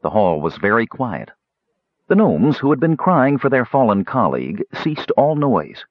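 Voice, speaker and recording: Husky man narrating an audiobook. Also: mid-range voice, a little slow, no room sound. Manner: expressive storytelling. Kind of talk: scripted narration. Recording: slightly dull lo-fi recording.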